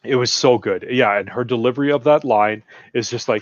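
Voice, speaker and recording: A man's voice: medium pitch, brisk, hardly any pauses, dry recording, highs cut off. A man enthusiastically retelling film moments in casual chat, bursting into acted-out quotes. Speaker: podcast guest.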